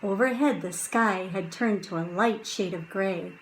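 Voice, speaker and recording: A woman reading a children's chapter book aloud, slow and hushed at quiet moments and lifting her voice for drama. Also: medium pitch, slight background noise, rough recording. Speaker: audiobook reader.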